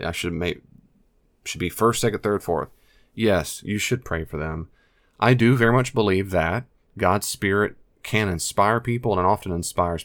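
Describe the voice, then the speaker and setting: A man's voice: fairly low pitch, no echo, clean studio sound. Earnest American man giving advice. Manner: earnest, emphatic, repeats key phrases. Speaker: advice speaker on addiction and family. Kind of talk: direct-to-camera advice talk.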